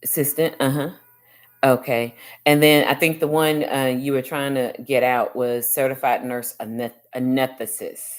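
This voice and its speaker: A woman teacher with a strikingly deep, low voice reviews class questions with a student. She repeats each answer slowly and fills the gaps with encouraging mm-hmms. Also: steady tone. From United States.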